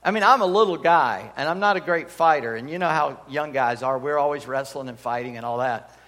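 A man's voice: medium pitch, a little fast, a bit bright. A man preaching a sermon in a church hall, telling stories with emphatic energy and humorous asides. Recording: long hall reverb.

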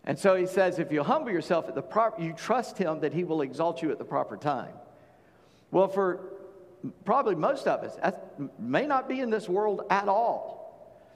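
A man's voice: high-pitched, expressive, normal speed, long reverb tail. A man preaching a sermon in a folksy, conversational way, with plain-spoken asides to his congregation. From Charleston, South Carolina. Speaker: pastor.

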